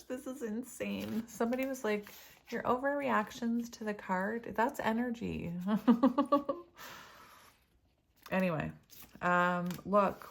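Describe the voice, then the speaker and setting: An excitable woman reads tarot cards for her viewers and speaks right to them. She has an unhurried way of talking but breaks into laughter often. Her voice sits at a middle pitch. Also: vocal fry. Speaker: tarot reader. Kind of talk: casual tarot reading to camera.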